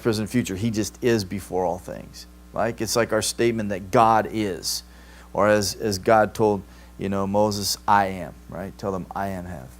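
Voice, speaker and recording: A man teaching a Greek grammar class, explaining patiently and checking in with "right?" often. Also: fairly low pitch. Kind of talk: classroom lecture. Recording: live stream capture.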